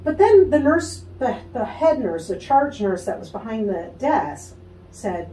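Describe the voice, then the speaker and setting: A woman's voice: mid-range voice, measured pace, slight background noise. Woman telling a wild story, voice swinging up and down, acts out the other people, sounds kinda far off in an echoey room. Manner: animated storyteller, acts out quoted voices, laughs often. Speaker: guest, spiritual healer. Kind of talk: storytelling in a casual interview.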